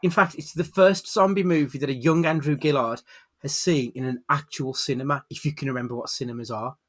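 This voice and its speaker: A man's voice: mid-range voice, a little fast, a bit bright. A British man hosting a podcast, chatting casually and then giving a dramatic build-up to a film, on a webcam mic. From United Kingdom. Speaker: podcast host. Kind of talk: casual chat and scripted film intro.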